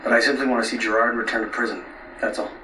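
A man's voice: medium pitch, steady tone, sharp tone, a little hiss or hum, close to an everyday voice. A man playing a polite, principled TV Mountie. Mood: earnest. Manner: polite, measured, formal. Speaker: Mountie in a TV drama. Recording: echoey TV audio from a distance.

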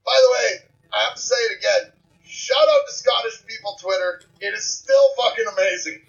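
A man's voice: high voice, moderate pace, lo-fi sound. A Canadian man chatting as a podcast guest, joking and self-deprecating. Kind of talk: casual chat over a call.

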